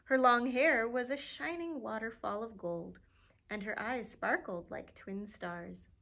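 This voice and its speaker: A woman librarian reads a classic fairy tale aloud for children at story time. Her voice sits a little high, and she reads expressively, dropping into playful asides along the way. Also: measured pace, creaky, fairly bright tone.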